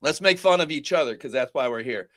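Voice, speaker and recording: A man hosting a casual livestream, excitable and swearing as he banters and hypes up guests. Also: mid-range voice, a little fast, no echo, clean studio sound. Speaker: livestream host.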